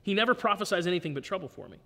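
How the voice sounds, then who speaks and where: A man's voice: high voice, animated, very fast, sharp tone, heavily acted. A man reading a defiant ancient prophet's words solemnly, with long hall reverb. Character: defiant ancient prophet speaking hard truths.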